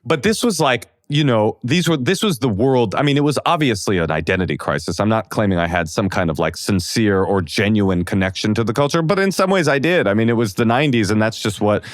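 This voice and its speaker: A man in his forties from Oakland, a comedian guest telling self-deprecating stories in a casual interview, animated and full of fillers. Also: lowish voice, brisk, hardly any pauses, no room sound, studio quality. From Oakland, California.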